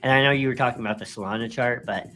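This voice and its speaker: A man's voice: mid-range voice, racing, pushed and bright, faint music behind. Rambling man co-hosting a live stream. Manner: rambling, many restarts, laughs often. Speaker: co-host. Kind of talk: casual live-stream chat.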